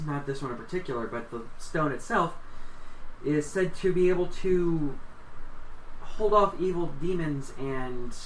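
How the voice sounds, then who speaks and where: A man voicing a polite, quiet female librarian in whispered role-play, speaking softly and courteously. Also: on the high side, roomy sound, recorded from a distance, slight background noise, voice pushed up, poor audio. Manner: stage whisper, gentle and courteous.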